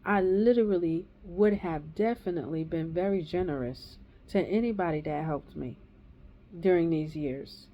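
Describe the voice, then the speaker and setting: A woman in her thirties or forties delivers a raw, heated monologue full of cursing. Her voice is dark and mellow. The recording is dull and lo-fi. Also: on the low side, moderate pace, a little hiss or hum. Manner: heated, profane ranting. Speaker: woman giving a personal testimony.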